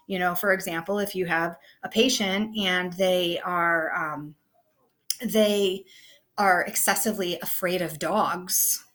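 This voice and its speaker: Woman, teacher, conversational, filler-heavy, medium pitch, recorded lesson. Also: a bit bright. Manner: conversational, many fillers like "okay" and "you know".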